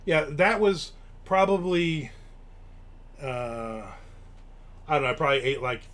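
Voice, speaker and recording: A man hosts a casual live stream. His voice sits a little high for a man. He rambles through stories and swears offhandedly. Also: expressive, a little slow, a bit bright. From Newark, New Jersey. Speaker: show host.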